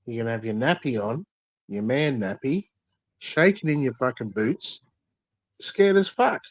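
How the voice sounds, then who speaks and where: A man's voice: medium pitch, animated, a little slow, no room sound. A man, ranting angrily and profanely as a guest in a casual chat, full of threats. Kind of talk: angry rant in casual chat.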